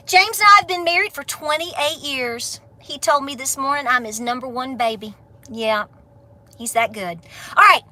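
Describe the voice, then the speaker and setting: A woman's voice: high-pitched, sharp tone. A middle-aged woman, ranting bluntly on a casual livestream, then laughing and affectionate with her viewers. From Appalachia. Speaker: homestead vlogger.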